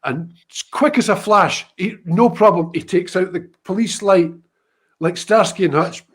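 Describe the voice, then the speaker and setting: A Scottish man telling a lively anecdote in casual conversation, with frequent restarts. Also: high-pitched, measured pace, husky. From Scotland. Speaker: guest musician. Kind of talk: anecdote told in casual chat.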